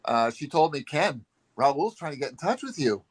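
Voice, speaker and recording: A man's voice: on the high side, big pitch swings, moderate pace, slightly rough, no room sound. A man telling a rambling story in casual chat on a live video call. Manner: chatty, rambling with restarts. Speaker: longtime fan, group member.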